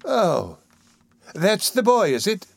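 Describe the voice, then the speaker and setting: A man's voice: high-pitched, very animated, slow, vocal fry, no room sound, studio quality, voice pushed up, full character voice. A man voicing a deferential middle-aged undertaker who speaks politely and fawningly.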